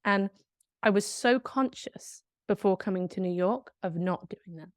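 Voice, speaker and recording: A woman's voice: mid-range voice, a little slow, dry recording, clean studio sound. A woman, co-hosting a podcast and telling a candid, reflective story in casual chat. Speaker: podcast co-host.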